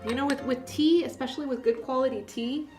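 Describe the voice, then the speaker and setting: Over gentle classical music, this woman runs a relaxed tea-selling livestream. Her voice sits high and steady and moves fairly quickly as she chats, jokes at her own expense, and laughs along with herself.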